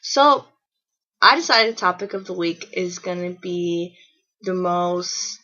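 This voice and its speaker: A young woman telling funny stories in a casual vlog, full of "like" and fillers, jumping into a high voice to act out quotes. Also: bright, forceful tone. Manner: chatty, lots of fillers, acts out quotes in a high voice. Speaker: vlogger. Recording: dull lo-fi webcam audio.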